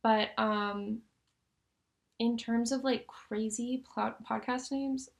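A young woman with a slightly high voice chats casually as a podcast co-host. She talks with enthusiasm and fills her sentences with "like" and "um.". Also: steady tone, slow pace, gravelly. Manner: chatty, many "like" fillers, enthusiastic. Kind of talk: casual chat.

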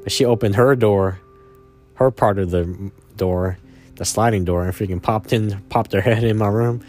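A man's voice: fairly low pitch, moderate pace, a little mellow, soft background music. A man in his twenties telling a personal story casually, rambling and slangy, with lots of fillers. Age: 20s. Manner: rambling and slangy, full of "man" and "you know".

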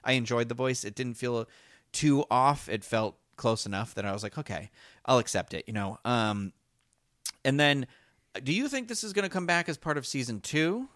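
A man's voice: medium pitch, animated, moderate pace, fairly bright tone, no room sound, studio quality. A man co-hosting a casual fan discussion, talking enthusiastically and rambling through restarts. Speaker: podcast co-host.

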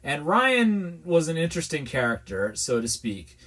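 A man's voice: fairly high pitch, big pitch swings, normal speed, fairly bright tone. A man from New York, hosting a podcast and telling a rambling, exasperated story in a candid, casual way. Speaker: podcast host.

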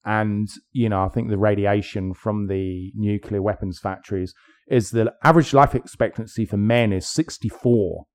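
A man's voice: lowish voice, fairly even intonation, moderate pace, darkish tone. A middle-aged man co-hosting a podcast, talking in an opinionated, rambling way with many fillers. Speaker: podcast co-host. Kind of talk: casual chat.

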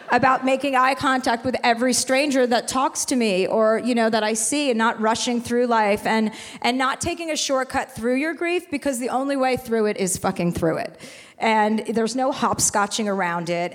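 A woman's voice: fairly high pitch, big-room sound. A woman in her forties hosting a live podcast, telling a personal story in a frank, profane, rambling way. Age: 40s. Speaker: podcast host. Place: live stage in a venue.

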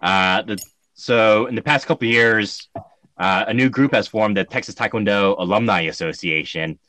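A man with a somewhat low voice hosts a relaxed chat, recorded close and dry with no room sound. He tells stories with plenty of fillers and lively turns. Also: moderate pace, dry recording. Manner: storytelling, animated, many fillers. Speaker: host. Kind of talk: casual chat.

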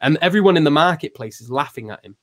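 A man's voice: a little high, expressive, quick pace. A man explaining ideas in casual conversation, full of restarts and fillers, raising his voice when he acts out quotes. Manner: hesitant, many restarts and fillers; acts out quoted lines with raised voice.

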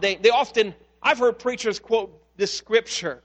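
Male pastor, sermon, lively storytelling, higher voice, long hall reverb. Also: unhurried, hardly any pauses. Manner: animated storytelling, acts out voices in quotes.

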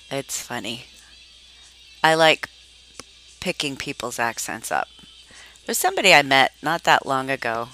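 A woman's voice: a bass voice, big pitch swings, unhurried, long pauses, pushed and bright, soft background music. A middle-aged woman from Massachusetts chatting casually and rambling, with frequent laughs and trailing-off sentences. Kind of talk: casual chat.

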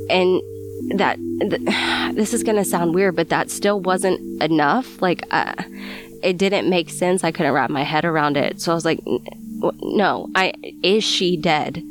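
A young woman recounting a painful memory as an interview guest, halting and sighing, stumbling over her words. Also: deep voice. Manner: halting, stammers and sighs while recalling. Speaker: guest telling her story. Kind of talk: emotional first-person account.

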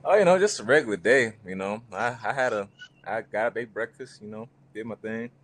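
A man's voice: on the low side, brisk, a bit bright. A male podcast co-host bantering in a laid-back way on an online call. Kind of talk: casual group chat on a call. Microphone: online call mic.

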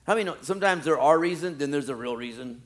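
A man delivers a sermon in a slightly high voice. He swings from loud, pleading reenactments of scripture to low, wry asides aimed at the congregation. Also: expressive, fast. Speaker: preacher.

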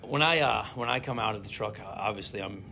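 Gravelly-voiced male host, rambling casual chat, laughs a lot, faint background noise. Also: fairly low pitch, fast, pushed and bright. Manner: rambling, laughs often, many restarts. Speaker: monster truck driver and podcast host.

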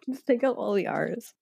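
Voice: medium pitch, gravelly, darkish tone, breathy edge, no room sound, studio quality. A speaker from Massachusetts in casual chat, talking with lots of fillers. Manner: chatty, filler-heavy.

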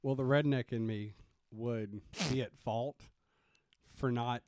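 A man's voice: medium pitch, fairly even intonation, slow, a little mellow, clear, resonant tone, dry recording. A man in his thirties co-hosting a podcast in easygoing casual chat. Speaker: podcast co-host.

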